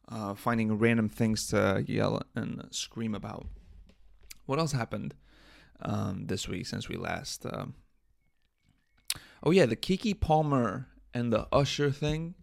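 A man's voice: mid-range voice, creaky, no echo. A young man hosting his own podcast, rambling and joking irreverently with lots of swearing and laughter. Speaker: podcast host. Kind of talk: casual solo podcast rant.

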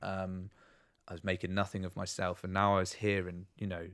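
Brief: young male guest, lowish voice, lively casual storyteller, dry close mic. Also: brisk, clear, resonant tone, no echo. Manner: animated, swears freely, acts out quotes. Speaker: podcast guest.

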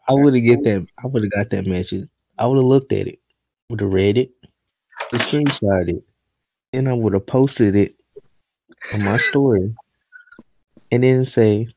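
A man's voice: fairly low pitch, unhurried, long pauses, no echo, lo-fi sound. A young man talking casually on a podcast in a laid-back, drawling way. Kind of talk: casual chat.

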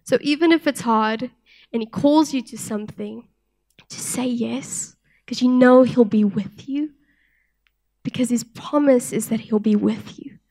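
A young woman from South Africa giving an earnest sermon with personal testimony, speaking softly and often restarting her sentences. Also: on the high side, a little slow. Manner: soft-spoken, earnest, with frequent restarts. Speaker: church speaker.

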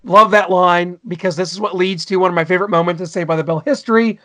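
Male co-host, high-pitched, enthusiastic and gushing, casual podcast chat. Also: steady tone, quick pace, fairly bright tone. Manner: enthusiastic, gushing, frequent fillers. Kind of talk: casual chat reviewing an old sitcom.

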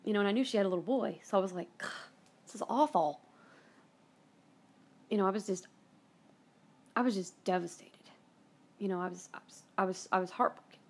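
Woman, podcast host, mid-pitch, emotional storyteller who swears and repeats herself. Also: quick pace, pauses often.

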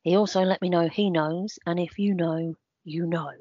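A deadpan woman co-hosting a relaxed chat, her fairly low voice dry and slightly muffled. She spins absurd jokes without cracking. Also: moderate pace, dry recording. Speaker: podcast co-host. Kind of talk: casual chat. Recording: dry, slightly dull sound.

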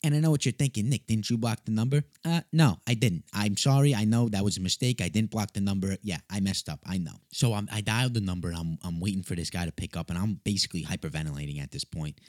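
A young man telling a funny story in a casual, animated way, swearing and mocking himself. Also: low-pitched, quick pace, few pauses, dry recording, clean studio sound.

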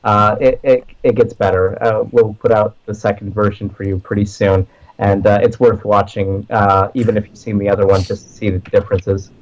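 Low-voiced male podcast host, easygoing rambler, muffled lo-fi audio. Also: moderate pace, a little hiss or hum. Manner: relaxed, rambling with fillers. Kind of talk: casual fan chat. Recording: dull lo-fi audio.

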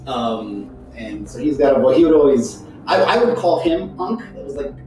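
Animated man, roomy echo. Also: mid-range voice, normal speed, soft background music. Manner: animated, slips into character voices. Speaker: podcast guest, voice actor. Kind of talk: casual podcast chat.

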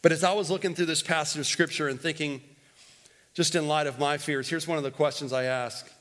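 A male pastor preaching a sermon, emphatic and repetitive, swinging between loud and hushed, leading the congregation in call-and-response. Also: a little high, fairly even intonation, brisk. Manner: repeats phrases and leads the congregation in call-and-response. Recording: long hall reverb.

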